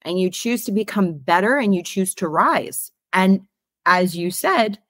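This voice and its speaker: A woman's voice: mid-range voice, expressive, a little slow, a bit bright, dry recording, studio quality. A woman from Canada hosting a podcast, talking in an emphatic, motivational way and swearing casually. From Greater Toronto Area, Canada. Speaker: podcast host. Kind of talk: casual conversational interview.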